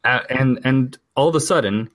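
A man's voice: mid-range voice, normal speed, fairly bright tone, no room sound. A man in his forties from Portugal, telling a family ghost story in a casual, rambling way, with restarts and quoted voices.

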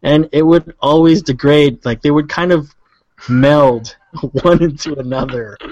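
A man's voice: fairly high pitch, measured pace, darkish tone, dry recording, muffled recording. A man hosting a casual podcast chat, rambling with fillers and chuckles. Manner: rambling, many fillers and laughs. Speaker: podcast host.

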